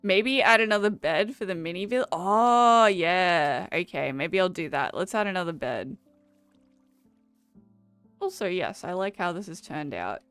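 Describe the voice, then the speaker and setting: Chatty Australian woman streamer, smooth voice. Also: on the low side, animated, a little slow, fairly bright tone, no room sound, faint music behind. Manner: chatty, laughs often, swears casually. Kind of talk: casual chat while gaming.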